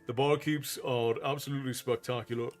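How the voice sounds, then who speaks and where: Man, stream host, earnest, halting, casual thanks, soft music behind. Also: medium pitch, fairly even intonation. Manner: earnest, halting, with repeated words and restarts. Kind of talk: casual thank-you to viewers on a livestream.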